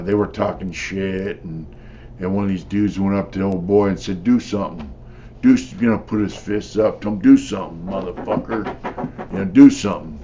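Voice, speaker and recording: A man's voice: low voice, dark tone, lo-fi sound, a little hiss or hum. An older man, a former prisoner, telling his stories in a blunt, profane, rambling way with lots of "you know.". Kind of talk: casual storytelling.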